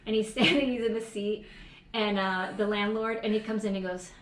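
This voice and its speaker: A woman's voice: medium pitch, fairly even intonation, moderate pace, distant mic. A woman co-hosting a podcast, telling stories casually with restarts and quoted dialogue. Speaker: podcast co-host. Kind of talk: casual chat. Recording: echoey room, a bit off-mic.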